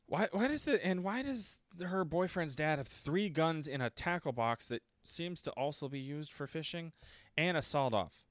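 Man, casual profane movie ranter, smooth voice, dry close sound, mocks characters in put-on voices. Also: on the high side, fairly bright tone, dry recording. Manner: profane, sarcastic, acts out quotes in mocking voices. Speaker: podcast host reviewing a horror movie. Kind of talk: casual ranting movie commentary. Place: home.

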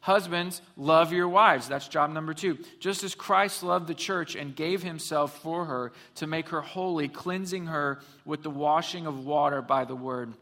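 Male pastor, bright forceful voice, humorous and emphatic sermon, echoing church hall. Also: fairly high pitch, measured pace, hardly any pauses. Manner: humorous storytelling, emphatic preaching. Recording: long hall reverb.

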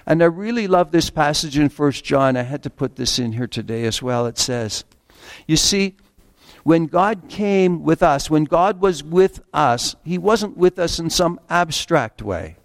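A man preaching a sermon in an earnest way, slowing down to read scripture aloud and stumbling over the odd restart. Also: on the high side, expressive, no echo, studio quality.

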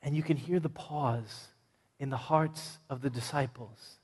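Slow emphatic preacher in a big echoing church. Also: male voice, mid-range voice, breathy edge. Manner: emphatic, swings from loud to hushed. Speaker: pastor. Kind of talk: sermon. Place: large church sanctuary. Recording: long reverb of a large church hall.

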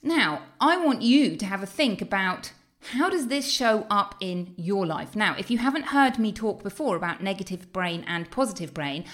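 A middle-aged woman health coach giving an expressive, animated motivational talk. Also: mid-range voice, moderate pace. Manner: expressive, animated, exclaims often. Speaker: health and weight-loss coach.

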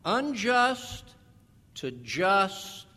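This pastor, a man with a high voice, delivers an animated sermon, easing his pace for scripture passages and posing questions to his listeners. A large hall's long reverberation surrounds the recording.

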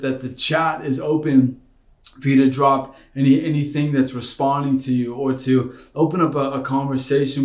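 A man's voice: mid-range voice, a little mellow. A man in his thirties giving a casual, earnest online sermon from his home studio. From United States. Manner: earnest, conversational, personal. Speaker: pastor. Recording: roomy bedroom home studio.

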